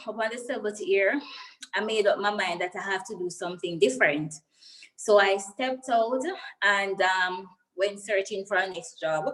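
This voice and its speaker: A woman's voice: mid-range voice, a bit bright, low-quality recording. A young woman with a Jamaican accent, a guest in an interview, earnestly telling her personal story and getting emotional as she goes.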